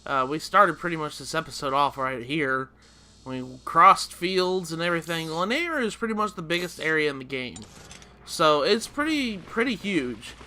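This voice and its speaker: A man's voice: a little high, animated, normal speed, bright, forceful tone. A man hosting a video game let's play, explaining the game in a rambling, chuckling way with frequent restarts. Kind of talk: casual gameplay commentary.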